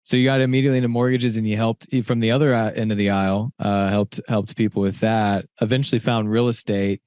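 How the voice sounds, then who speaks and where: A man's voice: fairly low pitch, fairly even intonation, darkish tone, clear, resonant tone, no room sound. Curious man hosting an interview, dry sound. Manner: curious, asks quick follow-up questions, self-correcting. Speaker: podcast host.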